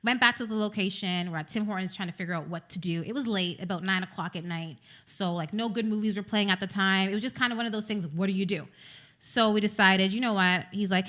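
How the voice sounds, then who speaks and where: A woman co-hosting a radio talk show, retelling a personal story in an animated, dramatic way. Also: mid-range voice, fast talker. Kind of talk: casual storytelling chat.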